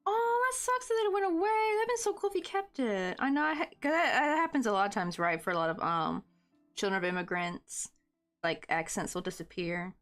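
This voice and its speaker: A woman's voice: a little high, brisk, fairly bright tone, soft background music. A young woman with a Southern Tennessee accent chats at her desk while crocheting, rambling with lots of fillers as she answers viewers. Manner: chatty and rambling, full of "like" and "um", answering viewer chat. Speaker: crochet live streamer. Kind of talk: casual chat while crafting on stream.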